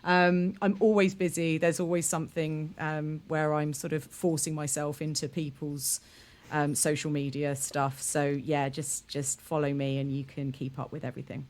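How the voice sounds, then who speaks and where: A woman's voice: low voice, flat delivery, moderate pace, darkish tone. A woman guesting on a podcast, casual and self-deprecating with lots of ums.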